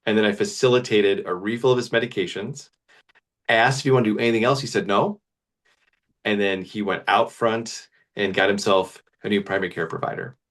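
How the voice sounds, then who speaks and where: Guy family doc on a panel, lowish voice, earnest, chatty, tells stories from clinic. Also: far from the mic. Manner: earnest, conversational, animated storytelling. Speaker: family doctor. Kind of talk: panel discussion.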